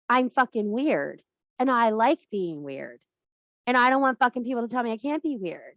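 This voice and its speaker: In casual workshop talk, a middle-aged woman heading a women's circle on a video call speaks bluntly and emphatically, cursing a lot. Her voice is medium in pitch, with no room sound.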